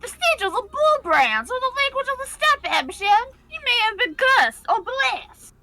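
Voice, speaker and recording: A woman's voice: very high voice, big pitch swings, normal speed, sharp tone, pitched above the performer's own voice, heavily acted. A woman voicing a cheeky, curt street boy in a put-on New York accent, teasing and mocking. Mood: cocky teasing.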